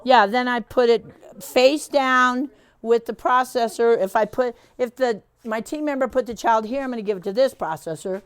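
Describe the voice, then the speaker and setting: A woman's voice: a little high, normal speed, clear, resonant tone, no echo. Chatty woman training a camp team. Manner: warm, encouraging, chatty with frequent fillers. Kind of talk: instructional talk to a staff team.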